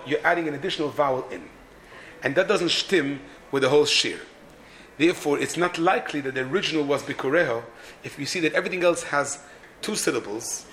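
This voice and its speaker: Halting man teaching, slightly high voice. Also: a bit bright, a little hiss or hum. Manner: halting, many restarts and repeated words. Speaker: Torah teacher. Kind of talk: explaining a Hebrew poem's meter.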